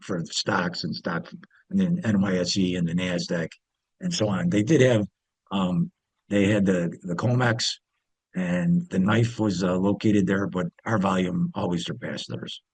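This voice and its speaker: Guest: husky man, dry close sound, rambling storyteller with lots of fillers. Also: sits low, steady tone, measured pace, dry recording. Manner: rambling, many fillers and restarts. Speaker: interview guest, former pit trader. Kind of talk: casual storytelling.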